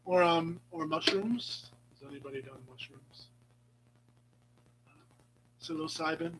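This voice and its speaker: A man's voice: on the high side, slow, a bit bright, slight background noise, low-quality recording. A man hosting a casual live chat with viewers, meandering and playful, with many ums and restarts, sometimes dropping to a whisper. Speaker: live stream host.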